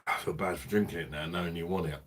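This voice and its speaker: A man's voice: low-pitched, fairly even intonation, rapid-fire, a bit bright, a little hiss or hum. A man hosting a beer review live stream, chatting casually in a crude, rambling way and laughing often.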